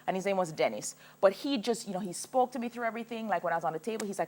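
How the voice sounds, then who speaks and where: A woman in her thirties, a singer telling her own story as a TV guest, animated and laughing as she goes. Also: mid-range voice, racing. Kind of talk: personal storytelling in a TV interview.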